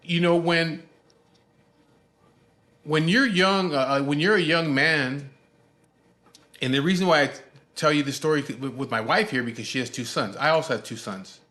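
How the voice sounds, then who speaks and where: A man's voice: on the high side, normal speed, long pauses, bright, forceful tone. A man in his forties, a show host telling a personal story in casual chat, rambling and swearing freely with many restarts. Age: 40s. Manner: rambling, profane, lots of fillers and restarts.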